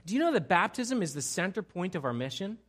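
A man preaching a sermon as pastor, animated, moving from quiet asides to loud excited outbursts. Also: sits high, fast, husky.

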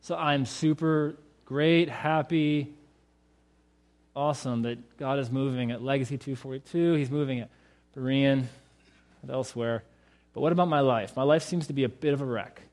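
A male pastor delivers a sermon in a relaxed, conversational way. He keeps putting rhetorical questions to the congregation. His voice is mid-range and ordinary in pitch. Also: normal speed.

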